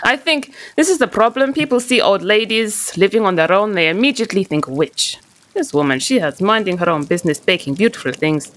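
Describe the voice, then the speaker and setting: A woman playing a character in a tabletop game, telling a rambling campfire story with theatrical, deadpan dark humor. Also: mid-range voice, brisk, hardly any pauses. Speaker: player voicing Harissa.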